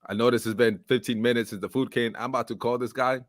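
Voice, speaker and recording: Profane, animated man telling a story. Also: medium pitch, quick pace, dry recording, studio quality. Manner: animated storyteller, heavy swearing, acts out voices. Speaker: podcast co-host. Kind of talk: casual storytelling chat.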